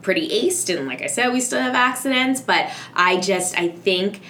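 A woman's voice: mid-range voice, expressive, normal speed, bright, forceful tone, a little hiss or hum. A woman, a mother of two, talking casually about parenting and rambling with lots of fillers and restarts.

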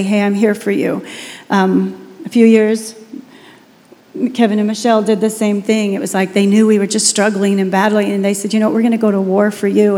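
A pastor's wife telling a personal testimony during a sermon in an emotional, animated way. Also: female voice, medium pitch, in a large hall.

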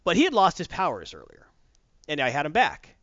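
A man retells a story in a loose, rambling chat, stopping to correct himself. His voice is bright and swings around a lot. The sound is dry and somewhat lo-fi. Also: on the high side, a little fast, no room sound. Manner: animated, rambling, self-correcting. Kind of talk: casual story recap.

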